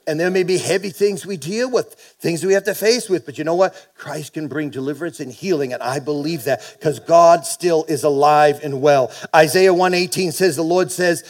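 Pastor, middle-aged male, slightly high-pitched, sermon delivery with call-and-response and energetic peaks. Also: moderate pace, hardly any pauses. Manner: preaching with call-and-response, animated bursts.

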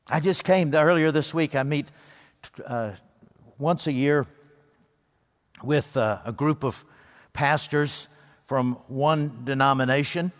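A man preaching a sermon as pastor, earnest and emphatic, slowing down and lifting his voice for the words he quotes. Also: on the high side, big-room sound.

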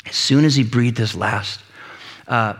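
A man playing personified blood, recounting events as a calm eyewitness in a sermon. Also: mid-range voice, unhurried, voice pushed down. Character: personified blood testifying as a witness. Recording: echoey hall reverb.

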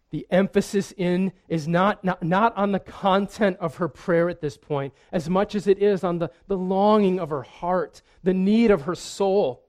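Slow, earnest male preacher. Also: fairly high pitch, darkish tone. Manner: earnest, often repeats words as he restarts. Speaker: pastor. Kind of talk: sermon.

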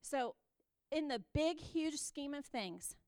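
A high-voiced woman speaks from the front of a church in an earnest, exhorting teaching style. She repeats her key phrases for emphasis and the sound stays close and dry. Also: animated, takes it slowly, a little mellow, dry recording.

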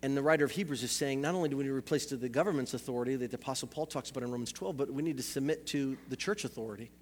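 A man's voice: mid-range voice, very fast, darkish tone, in a large hall, slight background noise. A male pastor preaching a sermon in a church, asking rhetorical questions and repeating phrases for emphasis.

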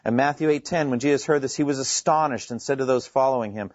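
A man preaching a sermon in a conversational, animated way, acting out scripture quotes with his voice rising high. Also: quick pace, few pauses, no room sound, muffled recording.

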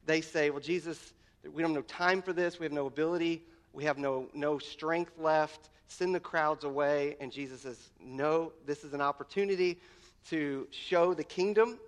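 A man with a high, light voice delivers a sermon. He leans on repetition and lifts his voice to stress key phrases, often restarting his words mid-thought. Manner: emphatic, repeats words, voice rises on key lines. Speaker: pastor.

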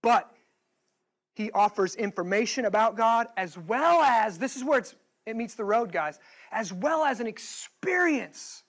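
A man's voice: very high-pitched, expressive, a little slow, fairly bright tone, poor audio. A male pastor preaching a sermon, pressing the listeners with emphatic rhetorical questions.

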